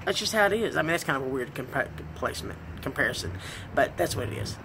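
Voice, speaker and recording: A woman vlogger telling a comic personal story, animated and self-deprecating, laughing as she goes. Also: rumbling low, fast talker, vocal fry, a little hiss or hum, low-quality recording.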